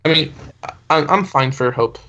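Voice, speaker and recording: A man's voice: a little high, normal speed, sharp tone, a little hiss or hum. A man playing in a tabletop game, chatting in an easygoing, hesitant way. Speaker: player. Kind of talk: casual tabletop game chat. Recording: muffled, dull mic.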